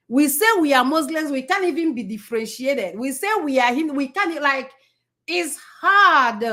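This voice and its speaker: A woman's voice: sits high, fairly bright tone. Nigerian woman giving a rambling motivational talk. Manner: conversational, repeats and restarts, asks the audience questions. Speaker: speaker addressing an audience.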